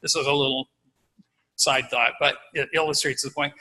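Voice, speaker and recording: A man's voice: medium pitch, fairly even intonation, normal speed, sharp tone, slightly rough, low-quality recording. A man giving an informal, conversational sermon as a lay preacher, acting out scenes as he goes.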